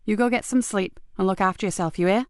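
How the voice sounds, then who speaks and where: A woman voicing a sharp, tough female detective inspector who talks brisk and blunt. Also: medium pitch, no room sound, studio quality, natural voice.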